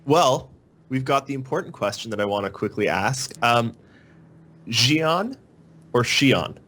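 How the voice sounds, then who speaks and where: A man's voice: medium pitch, moderate pace, fairly bright tone. Man hosting a gaming podcast, mid voice, keeps the chat moving. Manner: steers the talk to the next topic. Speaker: podcast host.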